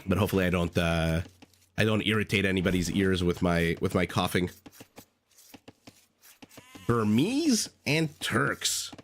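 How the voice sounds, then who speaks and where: Low-voiced man casting a game live. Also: big pitch swings, measured pace, pauses often, a little hiss or hum. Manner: chatty, thinks aloud, greets viewers. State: recovering from a cold. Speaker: game caster. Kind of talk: livestream game commentary. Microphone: desk microphone.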